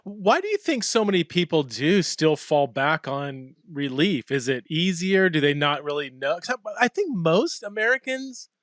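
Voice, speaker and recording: A man's voice: on the high side, very animated, moderate pace, hardly any pauses, fairly bright tone, no room sound, studio quality. A man hosting a podcast, asking questions in a thoughtful, candid way. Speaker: podcast host. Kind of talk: casual interview questions.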